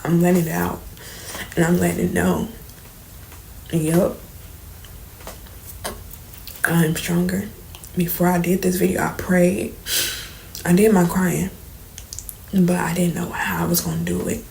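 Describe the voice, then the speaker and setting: Shaky young woman, soft and gravelly. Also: lowish voice, flat delivery, measured pace, pauses often, slight background noise, poor audio. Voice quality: soft, trembling at times, drops to near whispers. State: holding back tears, shaky. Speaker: vlogger. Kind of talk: emotional storytime confession. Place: indoors, late at night.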